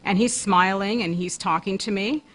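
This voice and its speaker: A woman's voice: mid-range voice, moderate pace, low-quality recording. A woman co-hosting a talk show who earnestly recounts a vivid personal experience, often restarting her phrases. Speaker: co-host, paranormal investigator.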